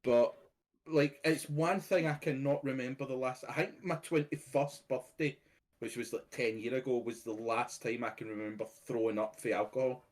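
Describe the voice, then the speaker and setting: Scottish man, 30s, podcast host, relaxed matter-of-fact chatter. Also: mid-range voice, moderate pace. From Scotland. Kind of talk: casual chat.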